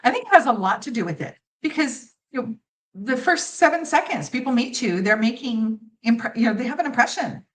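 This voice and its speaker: A woman's voice: on the high side, animated, brisk, rough recording. A middle-aged woman, a pageant judge and coach, giving confident, emphatic interview answers and acting out little quotes. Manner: confident, emphatic, acts out quotes, laughs easily.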